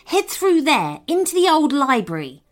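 A woman's voice: high voice, wildly swooping pitch, pitched above the performer's own voice. A woman voicing a bossy, smug male mouse with magic powers, snapping orders in a storybook reading, over faint background music. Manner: snappish, brisk, commanding.

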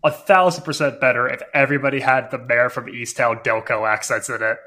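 A man's voice: mid-range voice, steady tone, brisk, sharp tone. A man co-hosting a podcast in casual chat, enthusiastic and wry. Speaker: podcast co-host.

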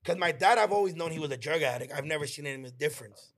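A man co-hosting a podcast, telling a story in a casual, slangy and heartfelt way, acting out his friends' lines in quick quoted bursts. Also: fairly high pitch, lively intonation, a crowd in the background. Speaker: podcast co-host.

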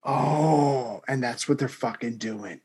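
A man's voice: mid-range voice, slow, darkish tone, husky. A man co-hosting a casual history podcast, joking and rambling in a playful way. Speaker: podcast co-host.

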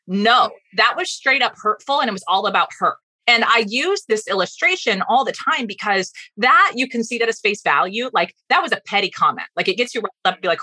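A woman guest on a podcast interview, a fast-talking, animated storyteller giving advice. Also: mid-range voice, no room sound. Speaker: guest speaking coach.

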